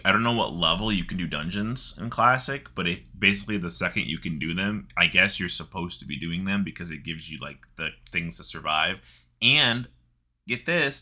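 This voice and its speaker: A man chatting casually about a video game, telling stories with swearing and laughter. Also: low-pitched. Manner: animated, swearing, laughing storyteller. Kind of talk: casual gaming chat.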